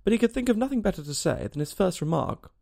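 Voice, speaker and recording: A man narrating a storybook in an expressive way. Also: high-pitched, quick pace, vocal fry. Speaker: reader.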